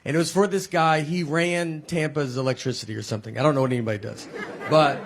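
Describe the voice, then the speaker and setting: A middle-aged man doing a deadpan, self-deprecating stand-up routine on a theater stage. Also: on the high side, fast talker. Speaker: stand-up comedian. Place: theater stage before a laughing audience. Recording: live show with audible crowd.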